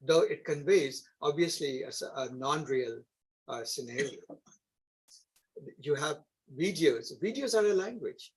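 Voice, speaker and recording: A man with an Indian accent gives a classroom lecture. His voice sits fairly high and sounds husky. He explains step by step and keeps checking in with the class through short tag questions. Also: animated, unhurried, poor audio. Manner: explanatory, frequent tag questions like "isn't it?" and "right?". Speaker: instructor.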